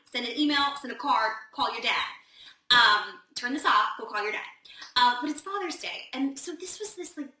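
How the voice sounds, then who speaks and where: A woman's voice: a little high, bright, forceful tone, far from the mic. A woman hosting a casual live Q&A, chatty and gushing, with lots of "like" fillers. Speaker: host of a live advice session. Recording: roomy echo, set back from the mic, faint noise.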